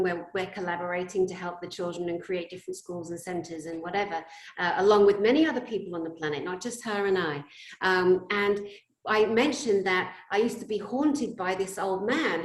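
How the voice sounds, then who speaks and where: A woman hosting a spiritual interview, talking animatedly and acting out stories. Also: mid-range voice. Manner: animated, acts out scenes in shouted quotes. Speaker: host. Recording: roomy echo.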